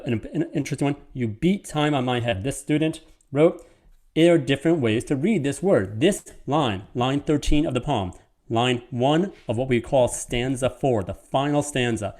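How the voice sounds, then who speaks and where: A man teaching a lesson on poetic meter. He reads verse lines slowly with each beat stressed, and often stops to correct himself. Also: mid-range voice, darkish tone. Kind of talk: online lecture on poetic meter.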